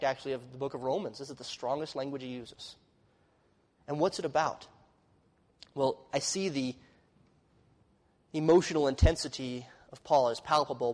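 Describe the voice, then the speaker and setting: A man preaching a sermon with earnest intensity, swinging from loud emphasis to hushed, quiet passages. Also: on the high side, in a large hall, low-quality recording. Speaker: pastor.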